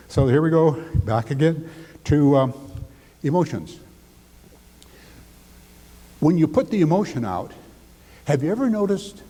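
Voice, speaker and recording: An older man giving a seminar talk, animated and acting out the lines he quotes. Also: fairly high pitch, husky, in a large hall, poor audio. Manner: animated, acts out quotes, drops to near whisper for demonstration. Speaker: speaker.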